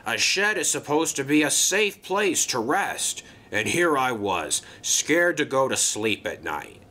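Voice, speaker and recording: Guy doing a slow wise old engine, comforting, bright tone. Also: mid-range voice, sing-song. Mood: reassuring. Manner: slow, reassuring. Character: old wise male engine, calm mentor.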